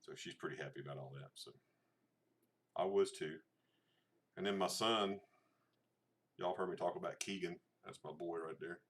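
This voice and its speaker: A middle-aged man with a drawl and a deep, low voice talks casually to his viewers. He rambles, restarts his sentences and fills gaps with "uh" and "so". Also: normal speed, long pauses. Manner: rambling, hesitant, many fillers and restarts. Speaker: channel host. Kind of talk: casual livestream chat showing photos.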